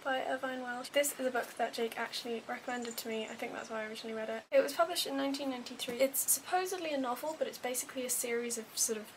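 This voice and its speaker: A woman's voice: a little high, rapid-fire, hardly any pauses, slight background noise, low-quality recording. A woman with a posh English accent giving a chatty, wry, self-deprecating book review. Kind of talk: casual book review vlog.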